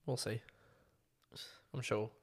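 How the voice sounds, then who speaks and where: A man's voice: on the low side, fairly even intonation, takes it slowly, gravelly. A man co-hosting a podcast, chatting casually with short, jokey reactions. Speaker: podcast co-host. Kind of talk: casual chat.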